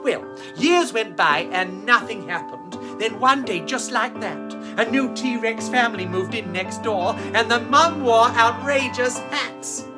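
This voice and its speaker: A woman's voice: fairly high pitch, a little slow, hardly any pauses, music in the background. A woman hosting a children's rhyme time, reading a storybook aloud with theatrical, gushing praise for the little ones.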